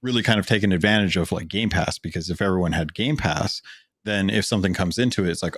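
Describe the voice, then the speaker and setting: A man's voice: sits low, fast talker, fairly bright tone, breathy edge, no room sound, clean studio sound. A man co-hosting a podcast, chatting casually about video games, rambling with lots of fillers and restarts. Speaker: podcast co-host. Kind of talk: casual gaming chat.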